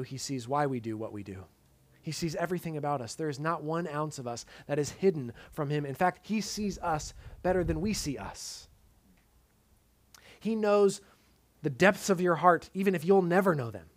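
High-voiced earnest male preacher. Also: expressive, moderate pace. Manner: earnest, drops to soft emphatic tones, casual asides. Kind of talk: sermon.

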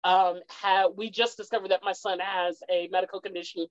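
A woman's voice: mid-range voice, steady tone, fairly quick, no echo. A woman speaking as a guest in a heartfelt conversational interview, earnest and repeating her key phrases for emphasis. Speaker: guest, parent. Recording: dull lo-fi dry sound.

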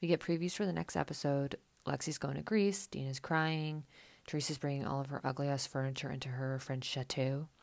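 A woman's voice: a bass voice, fairly even intonation, fairly quick, vocal fry, darkish tone. A woman hosting a podcast, recapping a reality show in a chatty, sarcastic, casual way. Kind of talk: casual chat.

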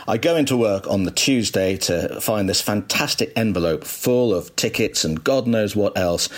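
A middle-aged man hosting a chat, telling lively, self-mocking anecdotes. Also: lowish voice. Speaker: broadcaster hosting a reminiscence chat. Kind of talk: anecdotal storytelling.

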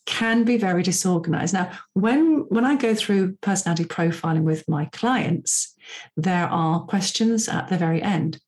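Chatty woman, lowish voice. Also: normal speed, a little mellow. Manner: chatty and personal, with asides. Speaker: podcast host and personality profiling coach. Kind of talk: casual solo podcast talk.

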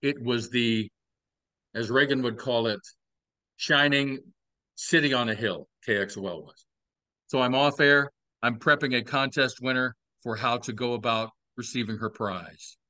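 A man's voice: medium pitch, measured pace, bright, forceful tone, no room sound. A man in his sixties from Texas with a Southern accent, telling old stories on a podcast with wry, playful asides. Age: 60s. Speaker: podcast host. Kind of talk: casual storytelling chat.

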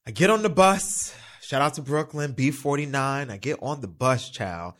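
A male podcast host talking in a loose, campy, storytelling way, swearing freely. His pitch sits in the middle range, but it jumps around a great deal as he speaks. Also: lively intonation, normal speed, fairly bright tone. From New York. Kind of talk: casual solo podcast chat. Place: studio.

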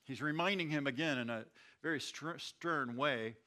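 A pastor walks his congregation through a Bible passage in a bright, forward voice. He often repeats a word or restarts a phrase as he explains. The delivery is conversational teaching. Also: on the high side, normal speed. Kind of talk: Bible study sermon.

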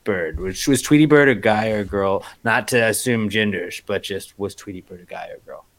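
A man co-hosting a podcast, chatting casually and ranting in an animated, slangy way. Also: fairly low pitch, brisk. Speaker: podcast co-host. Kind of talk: casual chat.

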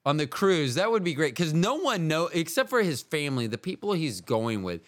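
A man's voice: a little high, very animated, moderate pace, a bit bright. A man hosting a solo podcast, talking in a meandering, wry way that keeps interrupting itself. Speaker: podcast host. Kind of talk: rambling solo podcast monologue.

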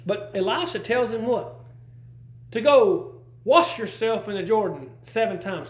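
A man's voice: high voice, lively intonation, normal speed, reverberant. A man preaching a sermon, folksy and conversational, asking the congregation questions as he goes. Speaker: pastor.

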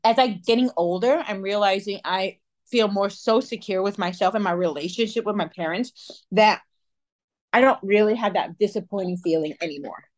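A woman's voice: mid-range voice, normal speed. A young adult woman co-hosting a podcast, telling stories in casual chat, acting out quotes and laughing often. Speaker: podcast co-host.

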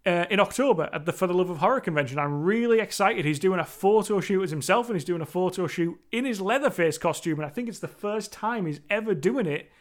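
A man's voice: high-pitched, expressive, fast, few pauses. A man giving an enthusiastic, opinionated solo film review, talking emphatically and often restarting or correcting himself.

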